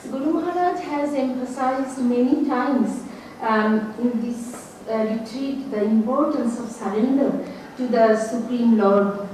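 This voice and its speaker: A woman sharing a hesitant, soft-spoken personal testimony as a participant at a retreat. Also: fairly high pitch, measured pace, slight background noise. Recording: echoey hall, mic far off.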